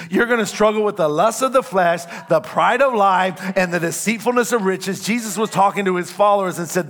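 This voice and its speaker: A man preaching a sermon in church, emphatic, with call-and-response lines that rise to shouts on key points. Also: sits high. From California. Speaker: pastor. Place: church sanctuary.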